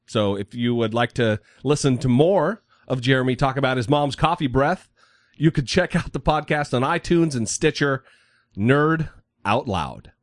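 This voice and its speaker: A man's voice: medium pitch, moderate pace, no room sound, clean studio sound. A man hosting a podcast in loose, joking, profane casual chat. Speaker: podcast host.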